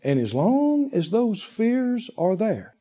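A man preaching a sermon in an emphatic way, full of rhetorical questions and long drawn-out pauses. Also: sits high, very animated, dark tone, slightly rough, highs cut off. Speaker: pastor.

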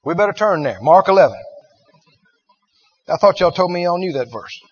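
A male preacher with a high, husky voice delivers a sermon dramatically. He fires questions at the congregation and repeats his points for emphasis. The recording is dull and lo-fi. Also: expressive, moderate pace.

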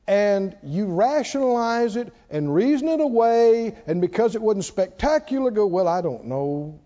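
A man preaching a sermon as pastor of a church, animated, calling out hallelujahs. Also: extremely high pitch. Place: church sanctuary. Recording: dull sound, long hall reverb.

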